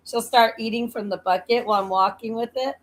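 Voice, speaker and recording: A woman's voice: fairly high pitch, fairly even intonation, brisk, poor audio. A woman with a slight Southern accent, chatting casually on a livestream, teasing and laughing often.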